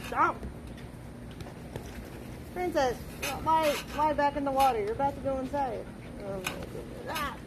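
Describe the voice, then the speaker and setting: A woman's voice: high-pitched, measured pace, long pauses, noisy background. A woman streamer talking casually to her dogs outdoors, cooing at them in baby talk.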